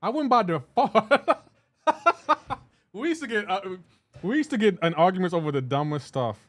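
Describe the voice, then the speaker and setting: A man's voice: high-pitched, very animated, moderate pace. Chatty man streaming a game live. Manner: rambling, laid-back, laughs often, talks to chat by name. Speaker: livestreaming gamer. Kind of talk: casual chat with live viewers while gaming.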